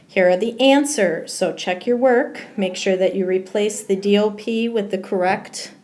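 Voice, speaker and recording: A woman's voice: medium pitch, unhurried, a little mellow. Woman walking through a grammar lesson. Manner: explains step by step, with frequent ums. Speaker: Spanish teacher. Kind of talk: recorded slideshow grammar lesson.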